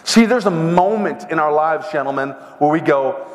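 A middle-aged man telling a story and preaching to a men's seminar, with animated, dramatic storytelling. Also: on the high side, moderate pace. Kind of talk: sermon with storytelling. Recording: long hall reverb.

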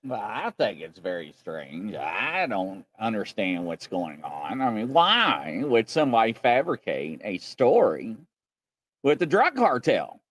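A man's voice: fairly low pitch, huge pitch swings, unhurried, a bit bright, no echo. A man co-hosting a true crime commentary, asking questions with disbelief. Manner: incredulous, questioning.

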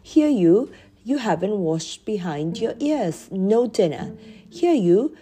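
A woman's voice: medium pitch, sing-song, slow, mellow. A woman doing a roaring bully schoolmaster. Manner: roaring, barking orders. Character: harsh bullying male schoolmaster.

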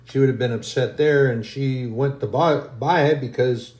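A man's voice: medium pitch, normal speed, darkish tone, echoey room. A man preaching a sermon, telling a long everyday story in a folksy, rambling way.

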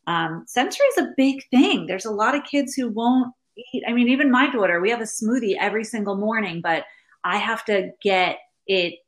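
A woman's voice: fairly high pitch, expressive, moderate pace. A woman in her thirties, a guest in a casual interview chat, talking in a chatty, explanatory way with many fillers.

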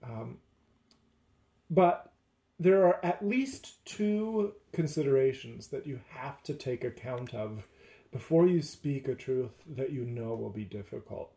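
A man who teaches, talking through faith and relationships in a measured, deliberate way. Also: mid-range voice, animated, creaky, mellow, reverberant. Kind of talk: casual faith discussion.

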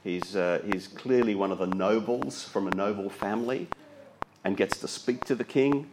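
A man's voice: on the low side, moderate pace, darkish tone, slight background noise, rough recording. A man preaching a sermon, reading scripture aloud and explaining it.

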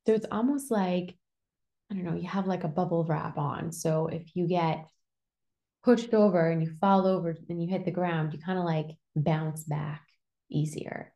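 A woman's voice: lowish voice, fairly even intonation, normal speed, warm tone. A young woman hosting a solo personal-growth podcast, talking in a casual, reassuring way with lots of "like" fillers. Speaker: podcast host.

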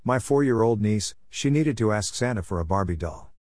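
A man's voice: on the low side, lively intonation, moderate pace, a little mellow, dry recording, clean studio sound. A man narrating a personal story in the first person, in a reflective, wistful way.

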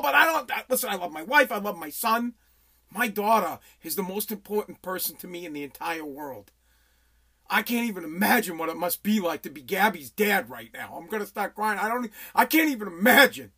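Bright-voiced, agitated male podcast host. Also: sits high, expressive, a little fast, slightly rough. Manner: agitated, rambling, stammering restarts, heavy swearing. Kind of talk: emotional solo podcast monologue.

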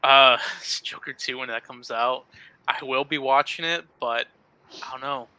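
A man co-hosting a relaxed podcast with a very bright, sharp voice. He talks about movies in an easygoing, earnest way, full of fillers. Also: medium pitch, measured pace, smooth, no echo, poor audio. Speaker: podcast co-host. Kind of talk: casual podcast chat about superhero films.

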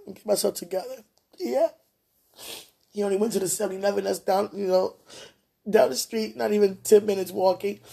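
Gravelly husky woman praying on livestream. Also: mid-range voice. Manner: talks aloud to God, swings between tearful and soft. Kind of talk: emotional livestream monologue and prayer.

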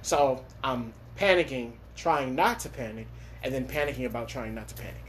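A man's voice: medium pitch, animated, moderate pace, fairly bright tone, slight background noise. A young man from Los Angeles telling a story in casual podcast chat, laughing often and swearing freely. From Los Angeles, USA.

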